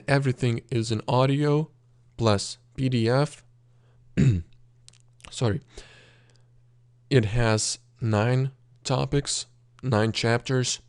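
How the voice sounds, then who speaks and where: A man's voice: mid-range voice, darkish tone, dry recording, studio quality. Lithuanian-accented man teaching a language. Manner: patient, explanatory, with frequent uh fillers and throat clearing. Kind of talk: explaining a text in a language lesson.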